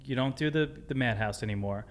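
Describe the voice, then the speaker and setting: A man's voice: mid-range voice, brisk. A man in his thirties as a podcast guest, talking in a laid-back, slangy, profane way. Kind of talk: casual chat.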